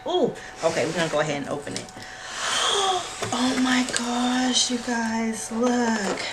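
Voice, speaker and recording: Excited woman gushing over an unboxing. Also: medium pitch. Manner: excitable, gushing, frequent squeals and "y'all". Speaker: planner channel host. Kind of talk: casual unboxing vlog. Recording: noisy home recording with clicks.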